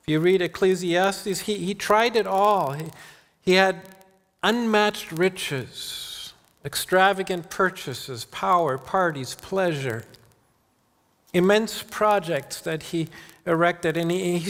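Earnest pastor in an echoing hall. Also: male voice, high voice, slow pace, fairly bright tone. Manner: earnest, repeats words and restarts often. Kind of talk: sermon. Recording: long hall reverb.

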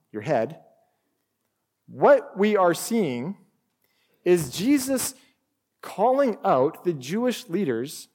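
A man delivers a sermon at an unhurried, deliberate pace in a slightly raised voice. He presses his points with emphatic rhetorical questions. His words ring out with the long reverb of a large hall. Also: sits high, darkish tone. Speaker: pastor.

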